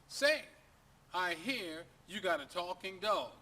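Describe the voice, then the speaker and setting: A man's voice: high voice, slow pace, a little hiss or hum, heavily acted. A man playing an eager gullible young buyer. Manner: excited, wide-eyed questioning.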